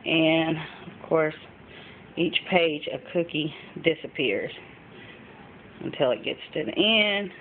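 A mom vlogs from home, chatting casually through a thrift haul show-and-tell with lots of ums. Her low voice has lively intonation, moving at a slow pace with long pauses. The sound is phone-like and lo-fi, with faint background noise.

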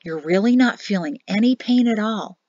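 A woman's voice: mid-range voice, lively intonation, normal speed, a little mellow, dry recording, lightly acted. A woman reading aloud, voicing a young male army captain in a storybook in a plain, teasing voice. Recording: dull lo-fi, dry closet sound.

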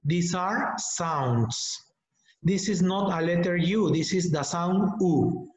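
A man teaching English pronunciation in an online webinar, modeling words slowly and deliberately for students to repeat. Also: sits high, darkish tone. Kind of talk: online webinar lesson, drilling sounds. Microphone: computer mic on a video call. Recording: echoey, dull lo-fi webinar audio.

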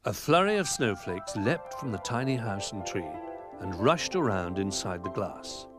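Man, storybook narrator, very lively pitch, animated read. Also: normal speed, over loud music. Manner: animated, expressive. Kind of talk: storybook reading.

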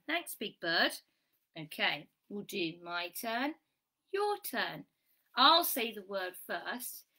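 A bright, crisp-voiced woman leads a children's phonics lesson. She speaks unhurriedly, sounds out each letter with care and showers the viewers with sing-song praise. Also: a little high. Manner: slow, clearly sounded-out letters. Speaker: phonics teacher.

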